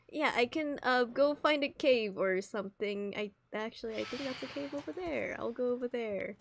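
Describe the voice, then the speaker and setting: Woman streamer doing in-character roleplay, fairly high voice, flustered, keeps whispering to herself. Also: moderate pace, gravelly, hardly any pauses, slight background noise. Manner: flustered, drops into muttered whispered asides.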